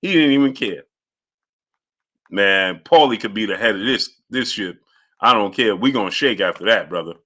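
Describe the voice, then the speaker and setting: Animated man hosting a boxing livestream. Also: lowish voice, normal speed. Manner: animated, repeats phrases, greets chat viewers. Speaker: boxing commentary livestream host. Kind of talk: casual livestream chat.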